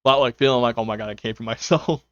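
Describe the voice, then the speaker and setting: This young home streamer talks fast in a smooth, mid-range voice, rambling to viewers with lots of fillers and bits of quoted self-talk. The audio has no echo, comes through a dull lo-fi mic, and has faint music behind it.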